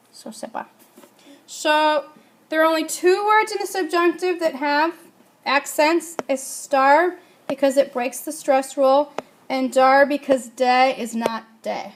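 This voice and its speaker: Woman teacher, slow and deliberate, quizzes the class and answers herself. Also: high voice. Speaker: Spanish teacher. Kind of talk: classroom grammar lesson.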